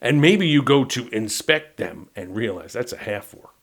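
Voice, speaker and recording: With a medium-pitched voice, lively intonation, and moderate pace, this middle-aged game master rambles conversationally through a game module. He frequently punctuates his explanation with "right?".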